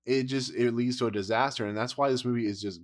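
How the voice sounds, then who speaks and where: A man's voice: mid-range voice, steady tone, fast talker. A man giving a casual, blunt movie review rant, exasperated and rambling, with frequent laughs.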